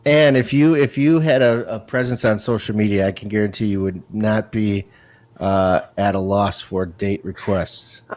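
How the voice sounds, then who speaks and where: A man's voice: fairly low pitch, steady tone, normal speed, darkish tone. A man hosting a casual podcast interview, friendly and nudging his guest along. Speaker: podcast host.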